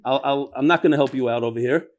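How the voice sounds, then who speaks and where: A middle-aged man teaching a daily Mishnah class, animated and joking, mixing Hebrew terms into his English as he demonstrates. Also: mid-range voice, fast.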